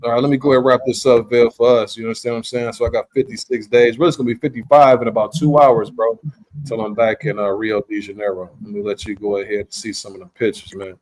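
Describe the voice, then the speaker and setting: Male podcast host, mid-pitched, casual rambling storyteller. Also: flat delivery, quick pace, darkish tone. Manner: rambling, laid-back storytelling with frequent "you understand".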